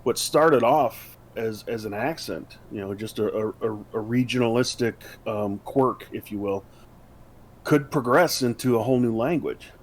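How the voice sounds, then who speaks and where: Guy rambling on a podcast, lots of um and you know, middle pitch. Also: a little slow. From United States. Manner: rambling, many fillers and restarts. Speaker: podcast co-host. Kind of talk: casual chat.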